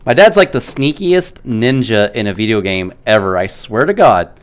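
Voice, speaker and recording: Man, gaming streamer, casual storytelling, animated, smooth clear voice, mid pitch. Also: moderate pace, few pauses. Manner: animated storyteller, many "like" fillers.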